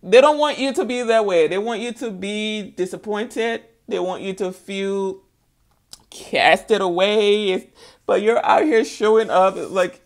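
A woman's voice: medium pitch, measured pace. A woman giving a spiritual tarot reading in a chatty, playful way, laughing often and talking straight to her viewers. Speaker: tarot reader.

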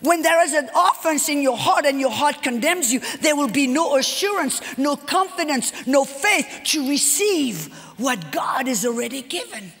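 A woman guest speaker preaching a sermon with personal stories, lively and acting out dialogue as she tells them. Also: sits high, moderate pace, hardly any pauses. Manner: animated, acts out dialogue, repeats phrases. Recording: long hall reverb.

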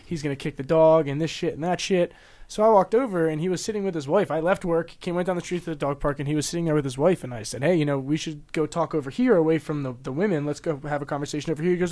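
A man speaks quickly and with animation, his voice sitting a little high. He tells a story in a casual podcast chat, swearing freely as he acts out an argument. The talk is loose and energetic. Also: dry recording. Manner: animated, profane, retells arguments.

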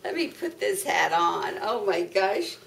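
A woman's voice: mid-range voice, sing-song, unhurried, vocal fry, a bit bright, a little hiss or hum. An older woman reading a picture book aloud to young children, sing-song and full of exclamations. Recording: echoey room, mic far off.

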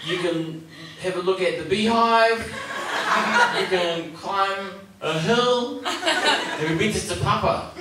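Man, New Zealand accent, stand-up comedian, high voice, echoey club room, heard from a distance. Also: animated, slow pace, noisy background. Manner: laid-back, crude, jokey, swears freely. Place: comedy club stage before a laughing audience.

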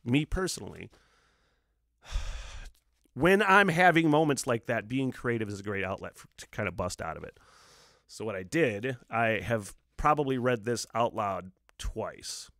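A man's voice: mid-range voice, expressive, unhurried, fairly bright tone, no echo, clean studio sound. A man hosting his own solo podcast in a casual, rambling way, swearing freely and chuckling between thoughts. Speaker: podcast host.

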